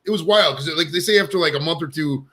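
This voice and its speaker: A man co-hosting a casual chat, telling stories quickly and calling his friend "bro". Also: fairly high pitch, sharp tone, slightly rough. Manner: quick storyteller, says "bro" often.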